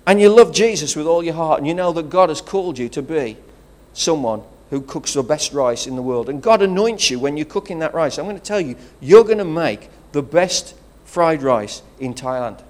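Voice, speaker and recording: A man's voice: fairly high pitch, expressive, normal speed, few pauses, a little mellow. A man with a regional English accent, preaching a sermon as pastor, rousing and conversational, with calls of praise. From England.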